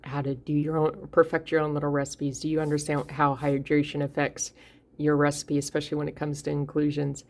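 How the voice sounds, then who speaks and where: A woman's voice: low voice, completely flat delivery, fairly quick, a little mellow. A woman hosting a home baking vlog, chatting casually and encouragingly to her viewers. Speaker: baking channel host. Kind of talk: casual cooking vlog talk.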